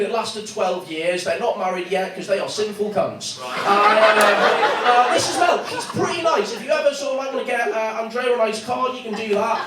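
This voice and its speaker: A man in his thirties doing stand-up crowd work in a comedy club, teasing the audience with brash, profane banter. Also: sits high. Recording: echoey club room from far off, loud crowd noise. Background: audience laughter.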